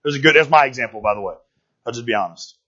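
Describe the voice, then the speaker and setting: Man, preacher, casual church talk, husky voice, slightly muffled recording. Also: medium pitch, rapid-fire, sharp tone. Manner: conversational, keeps asking "right?"; folksy, joking slang. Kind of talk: casual sermon.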